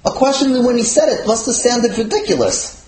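A man, a rabbi, teaching a Torah class to students with animated delivery, his voice leaping when he voices quoted sages. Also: very high-pitched, a little fast, reverberant, poor audio.

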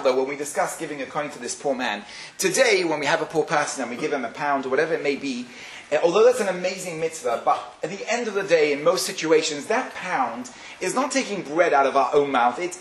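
Male speaker, animated storyteller, slightly high voice, roomy recording with faint hiss. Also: fast talker. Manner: animated storyteller, many fillers. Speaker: speaker giving a religious talk. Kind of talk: storytelling religious talk.

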